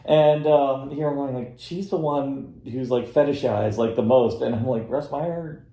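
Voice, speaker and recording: A man's voice: medium pitch, flat delivery, normal speed, dark tone. A man co-hosting a casual film podcast, talking in a rambling way with many restarts. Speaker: podcast co-host reviewing films. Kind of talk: casual chat. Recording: echoey room.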